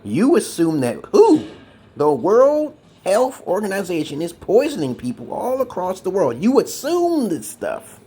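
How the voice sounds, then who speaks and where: A man of about fifty from Brooklyn, delivering a mocking, laugh-studded rant to his viewers that swings from loud outbursts to muttered asides. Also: high voice, wildly swooping pitch, measured pace, slightly rough. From Brooklyn, New York. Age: around 50. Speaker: social media commentator. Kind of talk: ranting monologue to viewers.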